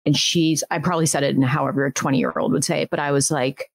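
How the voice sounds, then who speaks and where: A woman in her thirties, a podcast host, telling a story in lively casual chat and laughing often. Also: sits low, fast, creaky, breathy edge, no room sound.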